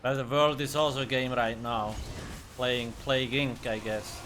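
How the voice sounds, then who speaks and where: Blunt, bright-voiced male game streamer. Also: medium pitch, steady tone, normal speed, a little hiss or hum. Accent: German. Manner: blunt, profane, joking. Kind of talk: casual live-stream commentary.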